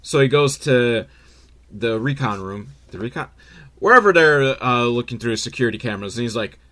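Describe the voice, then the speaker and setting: Sarcastic man recapping a movie. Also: medium pitch. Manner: sarcastic, animated, acts out characters in quick voices; profane. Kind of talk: casual comedic movie recap.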